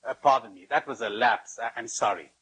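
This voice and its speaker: A man voicing a calm spiritual master who apologizes softly and then makes his point quietly. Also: mid-range voice, brisk, slightly rough, voice pushed down, poor audio. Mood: apologetic.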